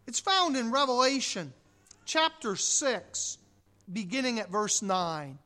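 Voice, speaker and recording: A pastor preaching a dramatic sermon full of rhetorical questions, swinging from hushed tones to loud declarations. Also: medium pitch, big pitch swings, slow pace.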